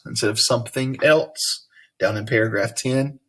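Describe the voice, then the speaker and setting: A man's voice: on the low side, measured pace, pushed and bright. A man from Tennessee with a Southern accent, teaching a reading lesson in a folksy way and asking leading questions. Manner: folksy, explains then asks leading questions.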